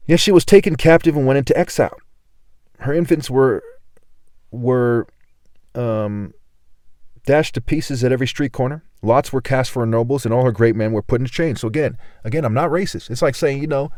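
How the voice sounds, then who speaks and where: A man's voice: mid-range voice, a little mellow, no echo, studio quality. A man reading scripture aloud and rambling through his own commentary, often tagging his sentences with "right?" and repeating words. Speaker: self-styled religious teacher.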